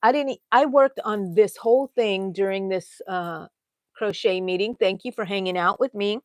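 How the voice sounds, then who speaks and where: A woman's voice: medium pitch, moderate pace, no echo. Chatty woman crafting on livestream. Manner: chatty, rambling, reads out viewer comments. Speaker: crochet livestream host. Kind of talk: casual livestream chat.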